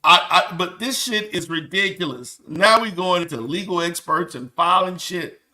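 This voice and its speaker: A man's voice: high voice, normal speed, pushed and bright. A man reacting to clips with exasperated, mocking commentary, laughing between lines and cursing.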